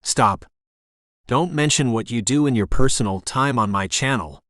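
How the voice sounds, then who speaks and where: A man voicing an upbeat young male online host who talks in a bright, chatty, sing-song way. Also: mid-range voice, moderate pace, no echo, studio quality, lightly acted.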